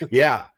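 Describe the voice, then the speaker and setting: A middle-aged man telling his personal story as a podcast guest, heartfelt and halting, with many fillers and restarts. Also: medium pitch, a bit bright, breathy edge, dry recording, low-quality recording. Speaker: guest, recruiter and agency owner.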